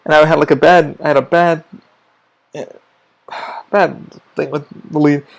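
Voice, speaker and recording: A young man hosting his own podcast, rambling through work stories in an emphatic, profane way. His voice is gravelly and sits a little high. He talks casually, piling clause on clause as he tells a story. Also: steady tone, a little slow, poor audio. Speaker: podcast host.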